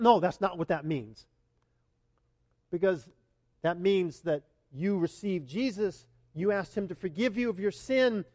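A male pastor preaching to his congregation, emphatic, swinging between loud urging and hushed, tender asides and often asking the listeners questions. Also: high-pitched, no room sound, clean studio sound, big-room sound. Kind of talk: sermon.

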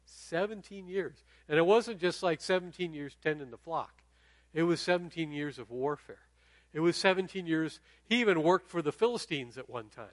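A man's voice: a little high, animated, moderate pace, no room sound. A middle-aged man preaching a sermon in a conversational way, often checking in with the audience. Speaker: pastor.

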